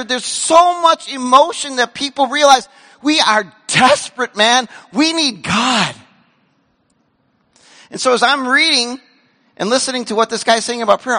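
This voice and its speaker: High-voiced preacher in a reverberant hall. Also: male voice. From grew up in a Korean church community. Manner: animated, acts out quoted voices, shouts for emphasis. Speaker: pastor. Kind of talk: sermon. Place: church sanctuary.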